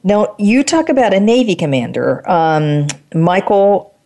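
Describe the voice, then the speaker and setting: A woman's voice: medium pitch, very animated, measured pace, dark tone. A woman hosting an interview, affirming and summing up her guest's points. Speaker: interview host.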